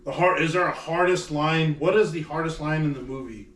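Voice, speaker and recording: A man's voice: fairly high pitch, a little fast. A man co-hosting a casual movie review podcast, telling scenes with lots of swearing and asking the others questions. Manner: profane, animated storyteller, asks questions. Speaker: podcast co-host. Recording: echoey room, mic at a distance.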